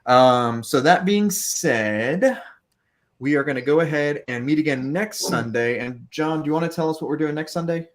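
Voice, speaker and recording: A man's voice: a little high, normal speed. A man hosting a casual podcast, easygoing and a bit hesitant, with plenty of ums. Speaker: podcast host.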